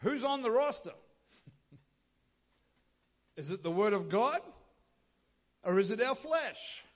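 A man preaches a sermon from the pulpit. His voice sits high for a man. He drives his points with rhetorical questions and repeated lines. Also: lively intonation, slow. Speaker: pastor.

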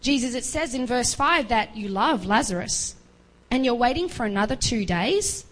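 A woman's voice: on the high side, lively intonation, moderate pace, rough recording. A woman preaching a sermon, retelling a Bible story earnestly and acting out the voices of its figures with pleading rises.

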